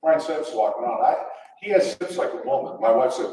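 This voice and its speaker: A man's voice: mid-range voice, expressive, fast talker, hardly any pauses, dark tone, slight background noise. An older man telling rambling, chuckling football stories to a luncheon audience, with many restarts. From Detroit area, USA. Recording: echoey event hall, distant mic.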